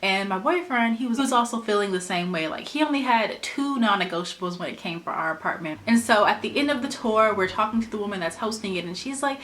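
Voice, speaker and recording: Woman vlogger, casual storytelling, animated and chatty, medium pitch. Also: quick pace, few pauses. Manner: animated, chatty retelling with frequent "like".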